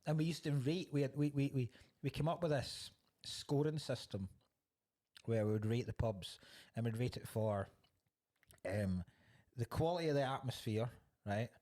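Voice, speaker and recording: A Scottish man in relaxed podcast chat who tells a rambling story, swears freely and keeps breaking into laughter. His voice sits at an ordinary pitch. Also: moderate pace. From Scotland. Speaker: podcast co-host. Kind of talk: casual chat.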